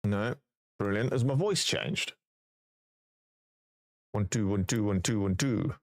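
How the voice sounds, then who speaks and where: A man's voice: lowish voice, slow pace. A man live-streaming, chatting casually and thinking aloud while he fixes his voice settings.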